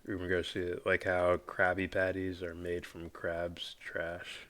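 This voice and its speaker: A man's voice: deep voice, completely flat delivery, a little slow, a bit bright. A man co-hosting a podcast in casual chat, laid-back and self-mocking, swearing now and then. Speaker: podcast co-host.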